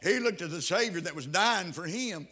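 A man preaching a sermon, with a rhythmic cadence, drawn-out emphatic phrases and shouted interjections. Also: high-pitched, expressive, slightly rough.

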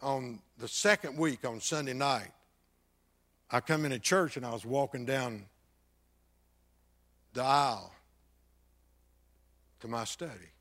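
An older man, a pastor telling a personal testimony that swings between loud bursts and hushed, near-whispered passages. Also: medium pitch, slow, long pauses.

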